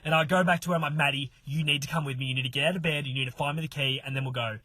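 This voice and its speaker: Australian male podcast guest, very bright and forceful tone, dry close sound, animated storyteller. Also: on the high side, racing, dry recording. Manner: animated, swearing, acts out voices in his story. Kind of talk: casual storytelling.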